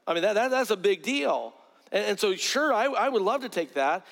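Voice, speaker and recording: Man, pastor, sermon, slightly high voice, earnest, long hall reverb. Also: sing-song, normal speed, creaky, a bit bright. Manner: earnest, repeats words when starting phrases.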